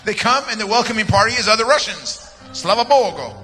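This is a joking sermon with personal stories, given by an American man as a guest speaker in a large church sanctuary, where long reverb and music fill the recording. He talks fast in a high-pitched, bright, forceful voice, rambling playfully and laughing at his own jokes.

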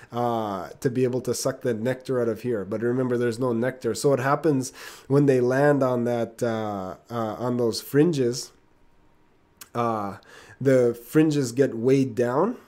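A man teaching an online lesson on plants in a casual, halting way, with many fillers, restarts and laughs. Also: medium pitch, dark tone. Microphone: computer mic.

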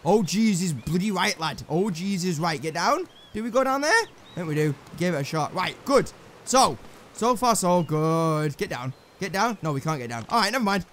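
An English man giving excitable, swearing let's play commentary to himself while he plays, with game music behind him. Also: high voice, normal speed, gravelly. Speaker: gameplay commentator.

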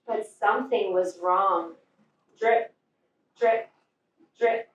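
A woman, a teacher, reading a picture book aloud to children in a slow, expressive way. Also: mid-range voice. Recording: echoey room from far off.

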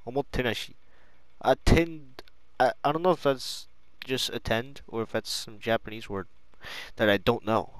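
A young man chatting casually with a friend, giggling constantly, swearing freely and breaking into loud laughing shouts. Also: medium pitch, normal speed, clean tone, no echo. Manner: crude, swears a lot.

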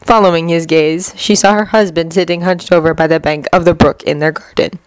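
A woman reading a fanfiction story aloud as narrator, in an even, measured way. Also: on the low side, clean tone, no room sound, rough recording. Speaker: fanfiction reader.

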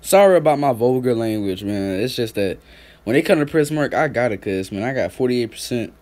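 A young man doing profane, mocking trash-talk commentary on a stream, laughing and calling people out in a put-on higher voice. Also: expressive, a little fast. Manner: mocking, laughing, loud call-outs; put-on higher voice instead of his deep one. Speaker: YouTube commentator.

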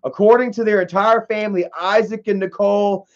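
A young man with a high-pitched voice rambles through a casual commentary. He swears freely and laughs often. The audio is dull and lo-fi. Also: fairly even intonation, a little fast. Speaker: commentary vlogger.

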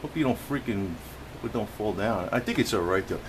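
Narrating a home video in an indoor room, a DIY vlogger rambles, swears and chats softly to his cats about a walkway he built. His fairly low voice is expressive and brisk. The low-quality recording carries slight background noise.

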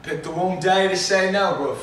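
A man's voice: sits high, moderate pace, fairly bright tone, reverberant, recorded from a distance, a little hiss or hum, voice pushed up. A man doing a cocky drill rapper. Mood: taunting. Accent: put-on London street slang. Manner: cocky, taunting. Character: swaggering young male drill rapper.

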